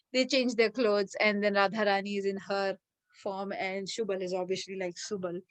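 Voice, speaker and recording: Animated woman telling a devotional story. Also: medium pitch, no room sound. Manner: animated storyteller, many fillers. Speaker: devotional speaker.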